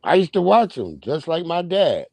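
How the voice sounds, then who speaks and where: This man's voice is fairly high, gravelly and darkish, and he is very animated, with no echo on the recording. Hosting a livestream, he rambles through profane, drawn-out stories in an offhand monologue.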